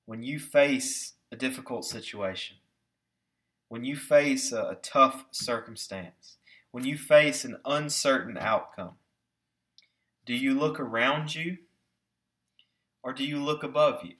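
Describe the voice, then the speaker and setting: A pastor with a medium, slightly bright voice delivers an emphatic sermon. He slows down to stress key words and puts rhetorical questions to his listeners.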